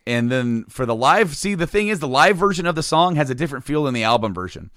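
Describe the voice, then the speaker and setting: A man's voice: medium pitch, sing-song, fast talker, fairly bright tone, no room sound, studio quality. Rambling male podcast host. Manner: rambling, many restarts and fillers. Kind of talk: casual chat.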